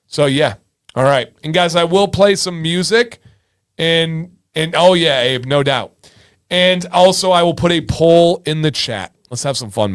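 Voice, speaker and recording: Slow-talking jokey livestream host, a man. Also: a little high, a bit bright. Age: 30s. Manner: jokey, sings snatches of songs, chats with viewers. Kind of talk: casual livestream chat.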